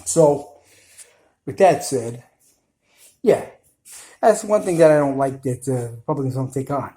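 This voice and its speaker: A man's voice: a little high, dark tone, echoey room, rough recording. A man with a New York Italian accent, ranting to viewers in blunt, scolding commentary. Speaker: video commentator.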